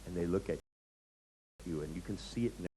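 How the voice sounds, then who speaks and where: A man's voice: low-pitched, fairly quick, poor audio. A man teaching hypnotherapy, telling anecdotes and acting out lines in a sing-song way. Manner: animated storyteller, acts out lines in sing-song. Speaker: hypnotherapy instructor. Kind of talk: lecture with anecdotes. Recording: faint hiss.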